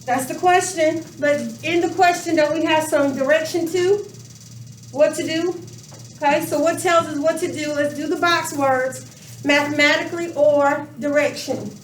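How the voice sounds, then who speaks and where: A woman's voice: high-pitched, steady tone, moderate pace, slight background noise. A woman teaching a math class, questioning her students and stretching out words for emphasis. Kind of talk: classroom lesson. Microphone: camera across the room. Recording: echoey classroom from far off.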